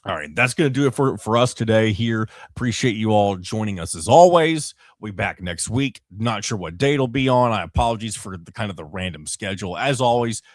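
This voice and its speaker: A man's voice: on the low side, lively intonation, brisk, hardly any pauses, no room sound, clean studio sound. A young man hosting a solo sports podcast, running through scores casually with rambling asides and self-corrections.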